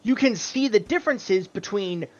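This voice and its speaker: A man from the American Midwest chatting casually on a livestream, agreeable and quick to chime in. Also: sits high, lively intonation, dull audio. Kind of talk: casual chat. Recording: noisy livestream audio.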